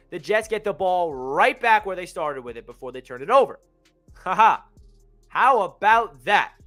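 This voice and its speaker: A young man excitedly recapping a football game as a fan channel host, rambling and correcting himself as he goes. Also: high voice. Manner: energetic, rambling, self-correcting.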